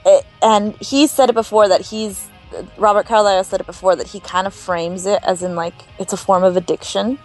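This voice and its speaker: A woman co-hosting a podcast, giving her take in animated, opinionated casual chat and quoting characters' lines. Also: medium pitch, a little fast, soft background music. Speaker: podcast co-host.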